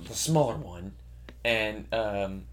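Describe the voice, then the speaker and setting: A young man chatting casually, rambling with lots of filler words and quick laughs. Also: fairly low pitch, animated, a little hiss or hum. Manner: gets loud and heated when arguing. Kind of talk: casual chat.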